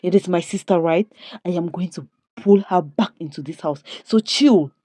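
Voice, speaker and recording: A confident elder sister reassures and takes charge, firm and calm, voiced by a woman recapping the story. The voice is mellow and dry, recorded close. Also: on the low side, normal speed, no echo, pitched below the performer's own voice, close to an everyday voice. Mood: reassuring.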